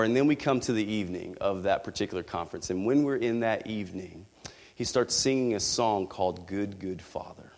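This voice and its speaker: A man's voice: lowish voice, fairly quick, long reverb tail. A man preaching a sermon, telling a candid personal story with rising passion.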